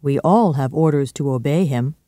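A man's voice: fairly high pitch, normal speed, dark tone, no room sound, studio quality, lightly acted. A man reading aloud and voicing a stern male butler who speaks formally and respectfully.

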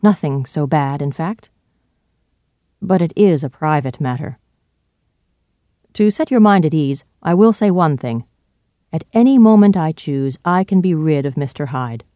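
A reader voicing a fifty-year-old male doctor in a storybook reading, earnest and pleading but turning sharp and firm when pressed. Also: mid-range voice, expressive, a little slow, long pauses, dry recording, clean studio sound, natural voice. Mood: warm earnest.

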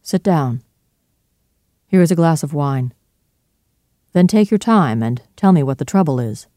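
A man reading as a steady middle-aged lawyer, measured and commanding. His tone is mellow and warm, recorded dry and close to the mic. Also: on the high side, no echo. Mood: concerned. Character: calm, firm middle-aged male lawyer.

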